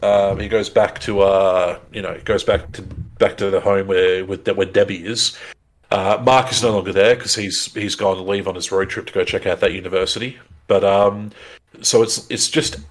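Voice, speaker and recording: Low-voiced man recapping a show. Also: steady tone, normal speed. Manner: rambling, filler-heavy storytelling. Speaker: podcast co-host. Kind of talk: casual recap chat.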